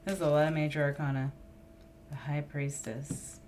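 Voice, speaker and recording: Low-voiced woman reading tarot cards. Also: flat delivery, normal speed, a little mellow, slight background noise. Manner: musing, emotional, thinks aloud while drawing cards. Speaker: tarot reader. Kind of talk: casual tarot reading monologue.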